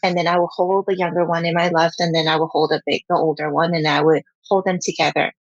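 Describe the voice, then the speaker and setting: A woman's voice: on the low side, level tone, quick pace, no echo, muffled recording. A woman who is a parent, talking candidly and earnestly about her home life in an interview, acting out what her children say. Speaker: parent guest.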